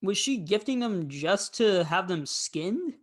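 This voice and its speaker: A man's voice: high voice, animated, takes it slowly. A man hosting a casual film review, talking in a rambling, candid way with frequent fillers.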